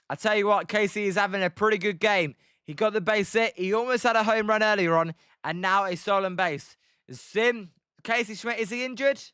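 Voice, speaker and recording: Bright, chatty British streamer calling a game. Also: male voice, high-pitched, clean tone, no room sound, studio quality. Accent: British English. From Britain. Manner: chatty, excitable, greets viewers and reads chat mid-call. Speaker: streamer and commentator. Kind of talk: live watch-along play-by-play commentary.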